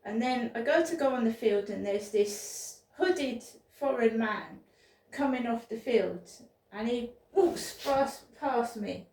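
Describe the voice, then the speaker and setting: Recorded from a distance in a roomy space at home, a woman vlogger tells a rambling personal story like a casual spoken diary. Her voice is on the high side, animated, slow and darkish in tone, and she often repeats words and restarts sentences.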